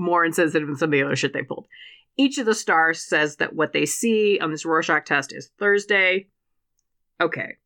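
A woman's voice: deep voice, vocal fry, sharp tone. A woman co-hosting a podcast in casual comedic chat. She swears freely and acts out quotes in silly voices. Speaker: podcast co-host.

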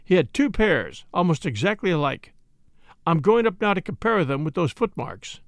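A man voicing a gruff, self-assured police inspector who talks bluntly and dismissively in an audiobook. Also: on the high side, sing-song, moderate pace, dry recording, clean studio sound.

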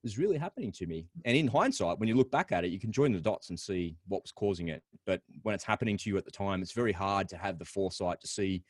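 A middle-aged man with an Australian accent speaks in a somewhat low voice as a podcast guest. He thinks aloud, restarting and repeating words as he tells his story openly. The sound is dry and close, with almost no room echo. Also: expressive, fast, hardly any pauses. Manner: rambling, repeats words, candid. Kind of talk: reflective interview storytelling.

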